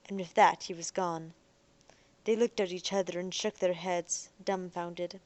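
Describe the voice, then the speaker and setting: Soft-spoken woman reading a novel. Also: fairly low pitch, flat delivery, unhurried, no room sound. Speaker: audiobook narrator. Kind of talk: audiobook narration.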